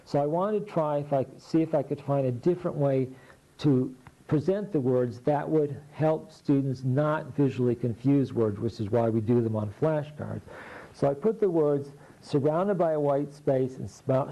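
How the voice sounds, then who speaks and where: Middle-aged guy explaining reading lessons, super dark mellow voice, folksy and practical. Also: medium pitch, normal speed, low-quality recording. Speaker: literacy teacher. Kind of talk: explaining teaching materials.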